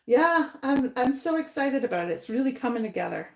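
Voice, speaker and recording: A woman's voice: high-pitched, big pitch swings, a little fast, reverberant. A woman hosting a live paint-along. She chats with her viewers, thinks aloud and laughs often while she works. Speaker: painting host.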